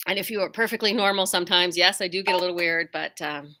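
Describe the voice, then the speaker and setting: Bright, chatty woman quilt shop owner. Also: on the low side, fast. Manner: chatty, tangent-prone, self-deprecating, lively asides. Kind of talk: casual chat to viewers.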